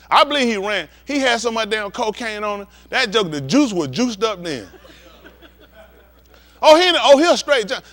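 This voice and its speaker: A man preaching with a high voice that leaps all over the place as he acts out a story. His tone is bright and edgy, profane and theatrical, and he keeps asking the congregation whether they follow him. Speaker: pastor. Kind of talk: comedic storytelling rant to a congregation.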